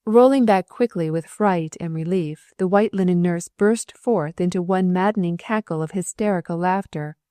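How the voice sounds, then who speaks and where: A woman narrating a novel as an audiobook, telling the story in an expressive, dramatic way. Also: on the low side, normal speed, few pauses, no room sound, clean studio sound.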